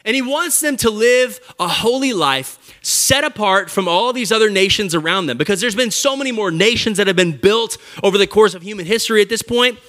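Male preacher, energetic and joking, talks straight to the crowd; high, bright voice. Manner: energetic, joking, addresses the audience directly. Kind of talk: lively conversational sermon. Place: church service before a live audience.

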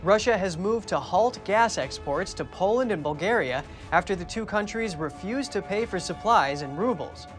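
A man anchoring a news program, reading the headlines in a measured, crisp way. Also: high-pitched, lively intonation, faint music behind.

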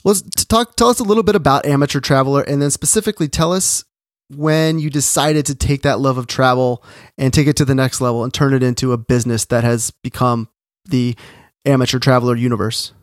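A man's voice: medium pitch, steady tone, a little fast, no room sound, clean studio sound. A man hosting a podcast interview, with an upbeat, hyped-up, salesman-like delivery. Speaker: podcast host.

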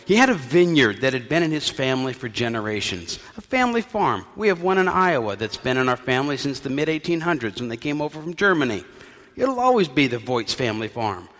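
A man's voice: medium pitch, a bit bright, long reverb tail. A male pastor preaching a sermon in a conversational storytelling way with wry asides.

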